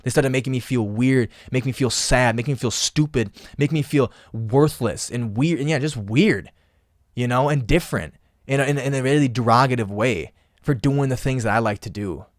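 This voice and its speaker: A man's voice: medium pitch, normal speed, dry recording, studio quality. A young man hosting a casual motivational podcast, talking solo in an impassioned, emphatic way and often repeating phrases. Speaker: podcast host.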